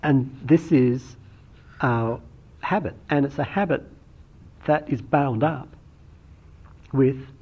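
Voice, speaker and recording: Husky man giving a dharma talk. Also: medium pitch. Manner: thoughtful, unhurried, with frequent restarts. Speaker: meditation teacher. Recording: dull lo-fi recording.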